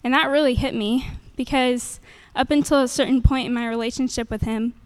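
A woman's voice: a little high, steady tone, fairly quick, clean tone. A young woman giving a nervous, earnest faith testimony into a handheld microphone at a church gathering, with many fillers.

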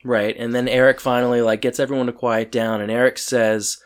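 A man's voice: mid-range voice, little pitch movement, brisk. A young man co-hosting a podcast, casually recapping a TV episode and chiming in with corrections and extra details. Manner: chimes in to correct and add plot details; chatty, with many fillers like "like". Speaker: podcast co-host.

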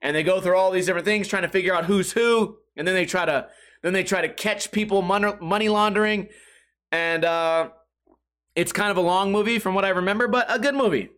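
Bright-voiced man rambling on his podcast. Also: sits high, brisk. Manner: rambling, joking, profane. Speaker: podcast host. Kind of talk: casual chat.

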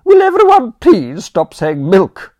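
A man's voice: medium pitch, big pitch swings, normal speed, a little mellow, no room sound, highs cut off, pitched above the performer's own voice. A man reading an audiobook voices a formidable, haughty older aunt with a commanding manner. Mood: indignant. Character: formidable stern older aunt, imperious woman. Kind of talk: audiobook character voice.

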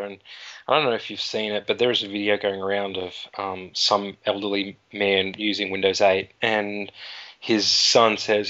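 A man's voice: fairly low pitch, little pitch movement, moderate pace, a bit bright. A man appearing as a guest technologist in a casual chat, explaining at length in a rambling, hedging way. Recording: dull lo-fi recording.

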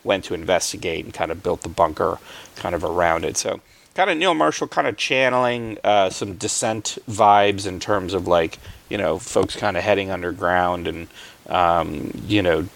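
A man hosting a film podcast, talking loosely with lots of ums and little chuckles. His voice sits low and has a gravelly, creaky edge. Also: moderate pace. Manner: rambling, lots of fillers, chuckles often. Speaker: podcast host. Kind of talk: casual chat.

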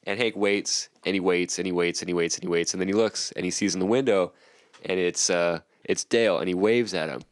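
A man's voice: deep voice, brisk, dry recording, clean studio sound. A man co-hosting a podcast, retelling a cartoon episode scene by scene and acting out the characters' lines. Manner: animated storyteller, acting out quoted lines. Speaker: podcast co-host. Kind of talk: casual chat recapping a cartoon episode.

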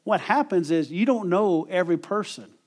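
A man's voice: sits high, expressive, normal speed, darkish tone. A middle-aged man preaching a conversational sermon, often repeating words and chuckling as he talks.

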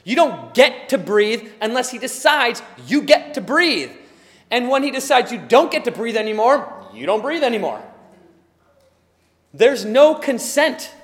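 A man preaching a sermon as pastor, impassioned and building to emphatic, forceful delivery. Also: very high-pitched, sing-song, a little slow, long reverb tail.

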